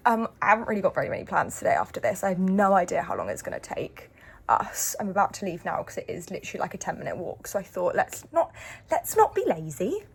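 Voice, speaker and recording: A woman's voice: fairly low pitch, animated, fast, creaky. A young woman, chatting casually to her camera in a rambling vlog, full of ums and little laughs. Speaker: vlogger. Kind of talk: casual chat. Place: home. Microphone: handheld camera.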